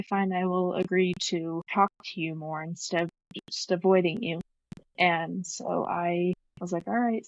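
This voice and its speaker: Young woman guest, earnest personal storytelling, mid pitch, dry and slightly muffled recording. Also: a little mellow, no room sound. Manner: earnest, quotes past conversations, many fillers. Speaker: podcast guest. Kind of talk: personal story, casual retelling.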